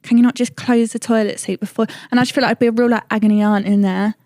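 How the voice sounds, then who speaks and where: A woman's voice: fairly high pitch, steady tone, fast, warm tone, dry recording, studio quality. A woman, a mother, chatting as a podcast guest in a direct, talkative way with plenty of filler words. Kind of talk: casual podcast chat.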